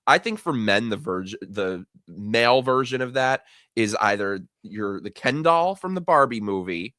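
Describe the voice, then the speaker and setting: A man speaks as a guest on a live stream with a bright, forward tone, joking and laughing freely in casual conversation. His voice is recorded dry and close. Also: lowish voice, moderate pace, dry recording. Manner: animated, joking, laughs a lot.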